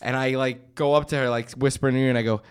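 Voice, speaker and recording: A man's voice: medium pitch, steady tone, quick pace, very noisy. A young man appearing as a podcast guest, bantering in a laid-back way with some swearing. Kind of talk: casual chat.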